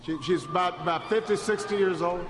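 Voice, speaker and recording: Man, high voice, speech storyteller, stop-start delivery with repeated words, echoey hall recording. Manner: halting, repeats words at restarts; builds to a rousing, shouted close. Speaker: political speaker. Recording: echoey hall with steady background noise.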